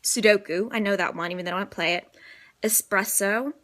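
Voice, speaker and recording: A woman's voice: mid-range voice, a little fast, a bit bright. A woman in her twenties from New Orleans with a light Southern accent, rambling casually and sleepily from bed into her phone. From New Orleans, Louisiana. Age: 20s. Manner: chatty, rambling, sleepy and self-deprecating. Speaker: vlogger. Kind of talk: casual accent-tag vlog. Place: in bed at home. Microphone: phone at arm's length.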